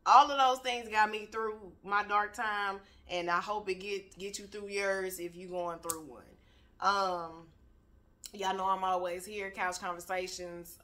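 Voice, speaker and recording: Bright-voiced blunt motivational woman. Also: mid-range voice. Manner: blunt, preachy, swears freely. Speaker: motivational speaker. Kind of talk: candid motivational talk. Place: home, on a couch.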